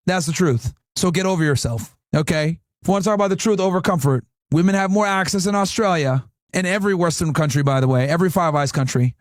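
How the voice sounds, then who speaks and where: A man's voice: fairly high pitch, no room sound. A man rants through a reaction stream, mocking what he watches and swearing freely as he turns to his chat. His voice sounds dry and close, with almost no room around it. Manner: mocking, profane, talks straight to chat. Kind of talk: ranting reaction commentary.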